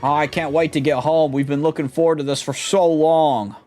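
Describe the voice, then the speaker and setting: A man's voice: a little high, fairly even intonation, moderate pace, a little mellow, faint music behind, voice pushed up, natural voice. A man voicing a pompous, vain adventurer with theatrical, self-praising delivery in a fan dub of a game.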